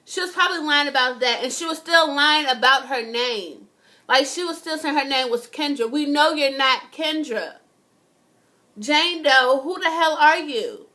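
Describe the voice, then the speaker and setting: High, bright-voiced young woman ranting. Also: unhurried. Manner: animated, indignant, swears freely. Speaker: vlogger. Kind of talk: casual TV review rant.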